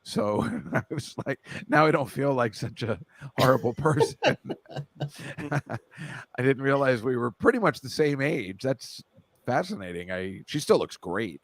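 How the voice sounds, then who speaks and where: A man's voice: mid-range voice, expressive, a little slow, no echo. A middle-aged man hosting a podcast, rambling in casual chat with a jokey, self-deprecating manner. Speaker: podcast host.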